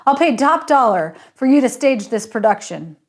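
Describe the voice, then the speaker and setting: A woman's voice: fairly high pitch, big pitch swings, moderate pace. A woman reading aloud and voicing a pushy, boastful middle-aged male hotel owner who bellows orders. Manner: loud, bossy, bellowing. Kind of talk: audiobook character reading.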